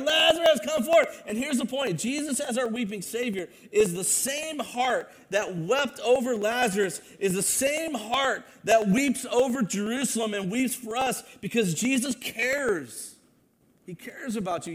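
A man preaching a sermon, moving between loud proclamation and hushed, earnest asides. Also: high voice. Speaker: pastor.

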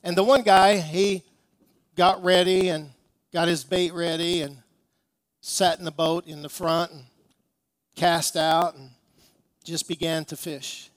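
Male pastor, higher voice, emphatic sermon storyteller who leans on rhetorical questions. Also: little pitch movement, slow pace, pauses often, no room sound.

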